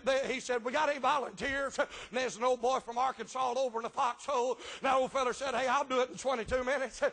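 A middle-aged preacher man with a strikingly high, bright voice and a gravelly edge. He moves from plain, folksy storytelling into a chanting, shouted cadence, with a sharp "uh" between phrases. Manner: folksy storytelling with dialect grammar. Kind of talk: revival sermon.

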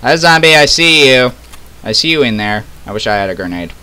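A young man giving loud, excitable, swearing commentary as he plays a game. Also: mid-range voice, fairly quick, clean tone. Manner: excitable, swearing, laughing a lot. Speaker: gamer. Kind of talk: let's play commentary.

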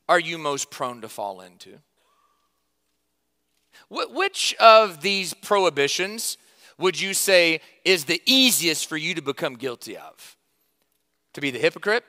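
A man preaching a sermon to his church, conversational and emphatic, with sudden loud stresses and quiet drops. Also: a little high, long reverb tail. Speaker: pastor.

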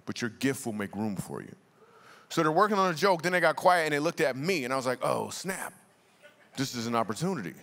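A man's voice: fairly high pitch, sing-song, fast talker, fairly bright tone. A man giving a guest sermon in a casual, joking way, bantering with the congregation. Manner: conversational, jokey, bantering with the crowd. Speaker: guest speaker. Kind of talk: comedic sermon. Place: large church hall. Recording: live sermon with long hall reverb.

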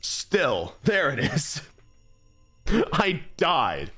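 Male streamer, Californian accent, very lively swooping pitch, rambling and incredulous, keeps repeating words. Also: drawn-out words, breathy edge, soft background music. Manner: rambling, restarts and stammers. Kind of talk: live gameplay commentary.

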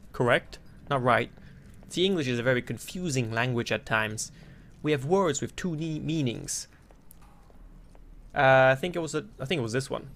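Male let's-play host, mid-pitched, wisecracking and foul-mouthed, shrieks when spooked. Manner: joking, cursing, panics into loud yelps. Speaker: gameplay commentator. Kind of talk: horror game let's play commentary.

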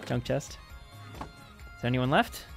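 A man's voice: medium pitch, animated, takes it slowly, vocal fry, music in the background. A man hosting a casual game session, upbeat and explaining the game mechanics as he plays. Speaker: host and map maker. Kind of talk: casual gameplay chat.

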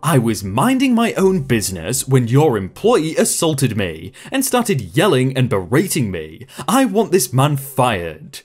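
A woman's voice: rumbling low, wildly swooping pitch, a little slow, hardly any pauses, darkish tone, breathy edge, heavily acted. A man voicing an entitled middle-aged woman shopper. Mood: smug. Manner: demanding, indignant.

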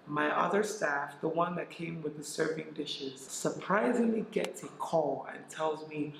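Gravelly man telling a story in an echoey room. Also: a little high, a little slow, few pauses, slight background noise. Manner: candid, animated retelling with reported speech. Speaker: vlogger and former caterer. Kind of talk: casual storytelling to camera.

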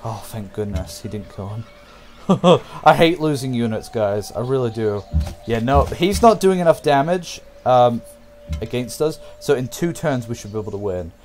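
Excitable young man narrating his game. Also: medium pitch, normal speed, soft background music. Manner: talks to himself and viewers, hums, excitable outbursts. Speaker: gameplay commentator. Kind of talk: casual let's-play commentary.

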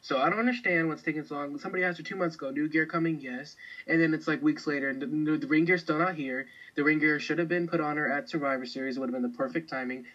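A man's voice: on the high side, racing, hardly any pauses, a bit bright. Rambling chatty man, dull lo-fi sound. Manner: chatty, rambling, lots of fillers. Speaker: podcast co-host. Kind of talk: casual chat.

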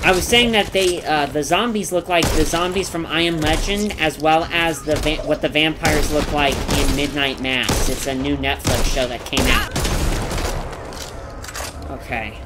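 A young man hosting a gameplay stream, gushing and exclaiming excitedly as he plays. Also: a little high, normal speed, heavy background noise. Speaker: gaming streamer host. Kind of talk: live gameplay commentary. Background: game music and gunfire.

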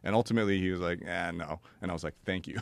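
A man's voice: low-pitched, fast talker, gravelly, dry recording. A man in casual chat, telling long rambling stories about money and art with lots of fillers and laughs. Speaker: guest.

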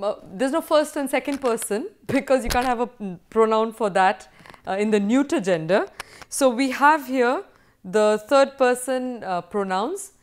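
A woman teaching a university lecture, drilling word forms and praising answers as she goes. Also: high voice. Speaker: Sanskrit teacher.

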